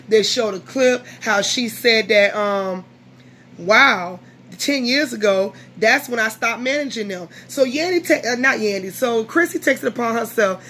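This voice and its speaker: A woman's voice: fairly high pitch, normal speed, slight background noise. A tired woman vlogger recapping a reality show in casual, blunt, profane chat, acting out what people said. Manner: blunt, profane, animated recap with quoted voices.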